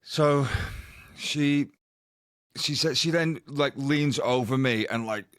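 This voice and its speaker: A man's voice: medium pitch, slow pace, a bit bright, no room sound, clean studio sound. A man co-hosting a podcast, telling a rambling anecdote in casual chat. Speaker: podcast co-host.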